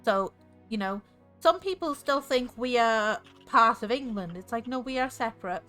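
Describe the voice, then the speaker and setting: A woman's voice: fairly high pitch, expressive, moderate pace, bright, forceful tone, faint music behind. A woman from north Wales with a North Welsh accent, chatting casually on stream in a rambling way, full of fillers. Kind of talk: casual chat.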